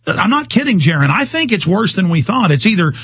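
A man's voice: high voice, big pitch swings, brisk, fairly bright tone, slightly rough, no room sound. A man hosting a talk radio show, speaking in a rambling, heated monologue. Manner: rambling, heated, mimics voices in quotes.

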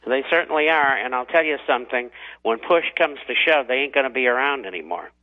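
Male radio guest, mid-pitched, deliberate halting storyteller, heard over a narrow phone line.

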